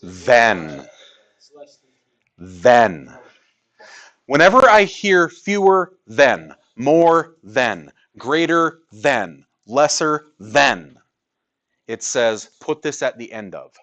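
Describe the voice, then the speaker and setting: Lively, slow-talking male math teacher. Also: fairly high pitch. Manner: lively, joking with students, rhetorical questions. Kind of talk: classroom teaching. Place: classroom.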